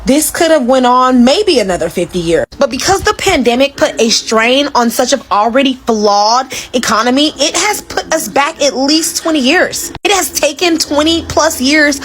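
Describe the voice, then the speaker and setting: A woman's voice: high-pitched, animated, normal speed, hardly any pauses, a bit bright, slight background noise. A woman giving blunt, emphatic political commentary.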